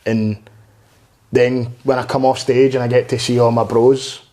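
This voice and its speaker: A man's voice: mid-range voice, little pitch movement, moderate pace, warm tone. A man in his twenties, a stand-up comedian guesting on a podcast, talking candidly and earnestly in a rambling, unpolished way with frequent swearing. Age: 20s. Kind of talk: candid conversational interview.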